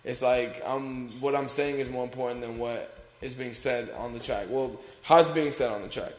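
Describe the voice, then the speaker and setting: A man's voice: medium pitch, steady tone, moderate pace, roomy sound. A man co-hosting a podcast, chatting casually and profanely about music, often talking over his co-host. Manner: loose, profane, talks over others.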